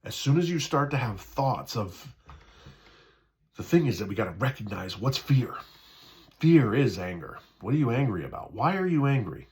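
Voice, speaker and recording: A man's voice: medium pitch, big pitch swings, moderate pace, darkish tone. A man in a casual spiritual talk, speaking conversationally, repeating himself, often asking "right?" and acting out the voices in people's heads. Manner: acts out quoted inner voices.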